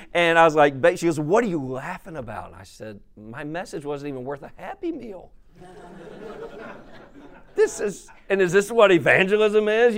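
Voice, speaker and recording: A man's voice: medium pitch, clear, resonant tone. A middle-aged man, an evangelist teaching at a conference, telling humorous stories in a folksy way and laughing at his own anecdotes.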